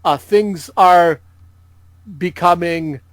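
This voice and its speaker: A man's voice: high-pitched, extremely slow, dry recording, rough recording. A man guest on a gaming podcast, explaining things in a chatty, jokey way. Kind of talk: casual gaming podcast chat.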